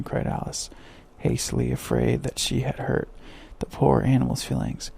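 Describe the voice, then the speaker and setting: A man reads a bedtime sleep story in a slow, soft manner. His voice is deeply gravelly and mellow, with a husky texture. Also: big pitch swings. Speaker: narrator.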